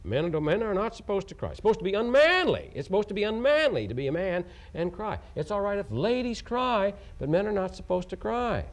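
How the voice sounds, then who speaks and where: A man's voice: sits high, very animated, fairly quick, few pauses. A man from Oklahoma giving a taped educational lecture on communication. He is emphatic, repeats his points and asks rhetorical questions. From Oklahoma, USA.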